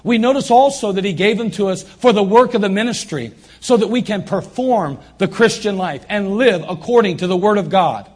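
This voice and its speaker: A man's voice: high voice, moderate pace, few pauses, slightly rough. A man preaching a sermon as pastor in a church, emphatic and repeating his phrases for stress. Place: church sanctuary.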